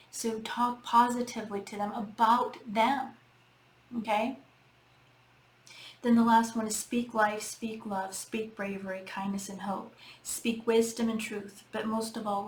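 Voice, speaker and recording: A middle-aged woman, a healing coach, giving casual spoken advice in an earnest, repetitive way, talking straight to her listeners. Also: on the high side. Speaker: healing coach and podcast host. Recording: echoey room with faint background noise.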